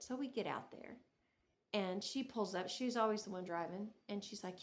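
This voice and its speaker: A woman's voice: mid-range voice, moderate pace. A middle-aged woman telling family stories in a casual, chatty knitting vlog, often laughing and restarting her sentences. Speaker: knitting vlogger. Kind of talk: casual storytelling to camera.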